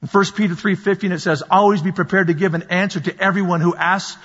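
A man preaching a sermon as pastor, animated and storytelling, sometimes shouting at the peaks. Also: high voice, quick pace, husky. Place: church sanctuary. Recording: dull sound in a large reverberant hall.

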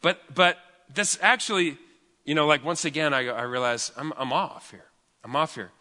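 A man's voice: on the high side, moderate pace, pushed and bright, big-room sound. A man preaching a sermon as pastor, talking in a conversational, joking way and often restarting his sentences.

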